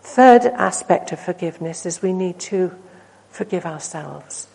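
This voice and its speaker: A woman delivers a sermon in a mellow, darker voice. She tells stories earnestly, pushing lines out with emphasis and then letting them fall almost to a hush. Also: lowish voice, lively intonation, unhurried, vocal fry, slightly rough, low-quality recording. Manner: earnest, rising to emphatic then dropping to hushed. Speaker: preacher.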